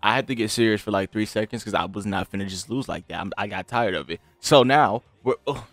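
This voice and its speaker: A man's voice: on the low side, fairly quick, hardly any pauses, no echo. A young man giving casual gameplay commentary, trash-talking his opponent and swinging from grumbling to hype. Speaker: gaming channel host. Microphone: desk mic with game audio.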